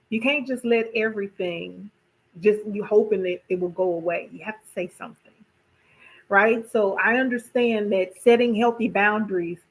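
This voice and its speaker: A woman hosting a casual wellness talk, chatty and expressive, often repeating herself and asking "right?". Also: medium pitch, low-quality recording. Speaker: podcast host.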